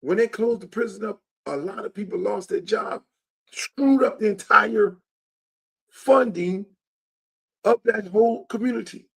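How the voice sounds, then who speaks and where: Husky and high-pitched with vocal fry, the same show host and political candidate speaks at a measured pace. His casual monologue about running for office stays emphatic, blunt, profane and full of repetition.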